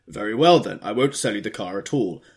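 Narrator as gruff, brash wealthy man, deep, animated. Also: brisk. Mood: blustering. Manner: blustering, gruff.

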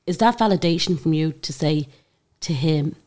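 Female radio host; low voice, informal, conversational questions. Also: normal speed, darkish tone. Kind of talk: radio interview.

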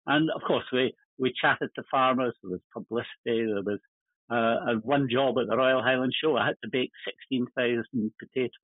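Husky older man on a tinny line. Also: medium pitch, a little fast, no echo. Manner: rambling, chuckling anecdotes. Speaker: guest. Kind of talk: casual storytelling. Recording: tinny phone-line sound.

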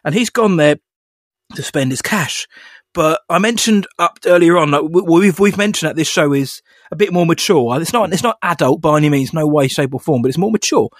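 This man's voice sits fairly high, with lively intonation and a brisk pace, captured dry and clean in a studio. As a podcast co-host, he rambles through a casual chat full of fillers and laughter.

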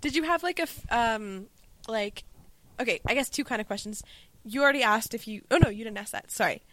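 A woman's voice: on the high side, a little fast, fairly bright tone, no echo. A young woman co-hosting a casual chat, asking rambling, hesitant questions. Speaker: co-host.

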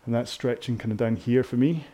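A British man with a warm, mid-range voice and a slightly breathy edge talks a little fast as he coaches a rowing workout. He's a rowing instructor from Britain, chatting casually over a row-along session and rambling in a self-deprecating way.

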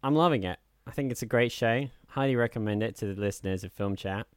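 Speaking on the low side and at a quick pace, with no room sound, this male podcast co-host chats casually. His talk wanders, packed with fillers, and now and then he puts on a soft, smooth voice.

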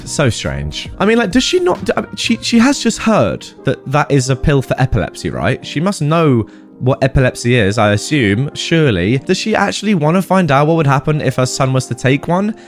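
A man narrating online stories and chatting about them. His delivery is lively and full of pitch swings, and he keeps turning to his viewers with rhetorical questions. Faint music plays beneath his voice. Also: fairly quick. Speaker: story narrator. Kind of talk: reading online stories with commentary.

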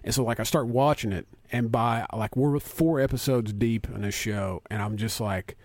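A man's voice: mid-range voice, moderate pace, darkish tone, no room sound. A man, a father, guesting on a podcast in casual chat, rambling through exaggerated stories.

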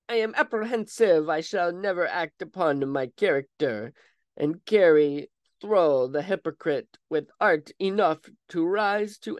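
A man's voice: high voice, no echo, voice pushed up. A man voicing a disillusioned Italian priest in a put-on Italian accent, delivered in a hammy, exaggerated comic way.

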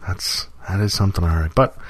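A man's voice: sits low, fairly quick, dry recording, clean studio sound. A man co-hosting a podcast, talking casually with wry, joking asides. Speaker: podcast co-host.

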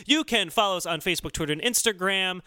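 A man's voice: sits high, quick pace, pushed and bright, clean tone, no echo. A man co-hosting a comedy podcast in casual chat, cracking dry puns and reading the sign-off. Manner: dry punning, reads the show's sign-off. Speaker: podcast co-host.

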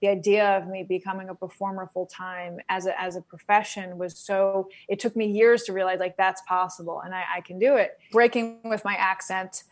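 Chatty actress as interview guest. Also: female voice, mid-range voice, steady tone, moderate pace, hardly any pauses. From Queens, New York. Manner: chatty, full of likes and restarts. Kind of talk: casual interview chat.

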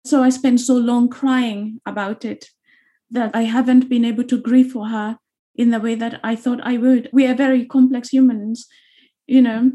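This is a woman from Uganda, interviewed as an author. Her voice is soft, dark and mellow, sitting a touch above the usual pitch. She speaks earnestly and repeats phrases to stress a point. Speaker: author guest. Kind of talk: reflective interview talk.

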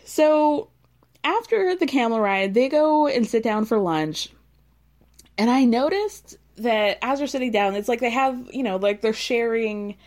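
A woman giving casual, animated commentary on a reality show, sassy and quick to exclaim. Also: medium pitch. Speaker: reality TV recap host.

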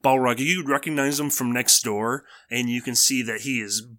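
A man's voice: medium pitch, steady tone, normal speed, bright, forceful tone, dry recording. A man narrating a tabletop game as game master, casual and laid-back with swearing.

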